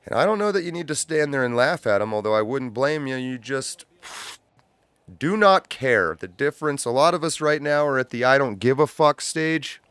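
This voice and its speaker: A man hosting a livestream in loose, profane, casual chat, breaking into loud laughs. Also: mid-range voice, expressive, normal speed, smooth, no room sound. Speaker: livestream host.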